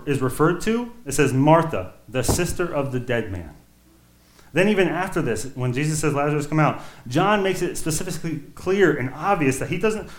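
Male preacher, mid-pitch, casual conversational sermon delivery, reverberant room. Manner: casual, conversational preaching with many restarts and rhetorical questions. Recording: echoey room.

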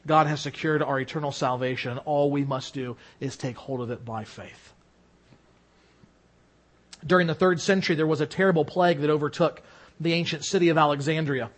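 A middle-aged male pastor preaching a sermon in church, earnest, rising loud on key points and dropping low and quiet at others. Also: brisk.

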